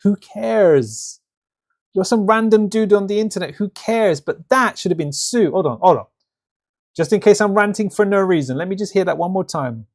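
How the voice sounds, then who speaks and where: A man's voice: high voice, lively intonation, moderate pace. A man hosting a live stream, rambling and ranting about a game trailer in casual reaction commentary. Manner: rambling, ranty, lots of restarts and fillers.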